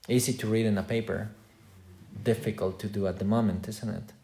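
A man's voice: fairly low pitch, steady tone, brisk, creaky. A male pastor preaching a sermon to his congregation, earnest and direct, putting rhetorical questions to his listeners. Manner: preaching with wide swings between loud emphasis and quiet asides.

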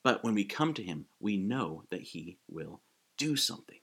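A man preaching a sermon in a casual, animated way, acting out quick quotes as he goes. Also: fairly low pitch, husky. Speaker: pastor.

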